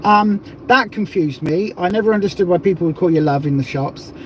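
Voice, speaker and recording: A man's voice: sits high, a little fast, slight background noise. A man from the south of England hosting a casual livestream, chatty and rambling with plenty of jokes. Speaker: livestream host.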